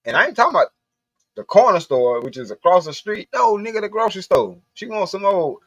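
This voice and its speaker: A man's voice: sits high, sing-song, brisk, slightly rough, no room sound. A man from the Southern US giving a profane, blunt, rambling rant on a livestream. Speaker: livestream host. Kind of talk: casual ranting monologue.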